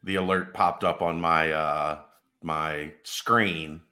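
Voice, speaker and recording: A man's voice: very deep voice, steady tone, slow pace, bright, forceful tone. A man co-hosting a casual sports podcast, telling stories with a joking manner and laughing often. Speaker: podcast co-host.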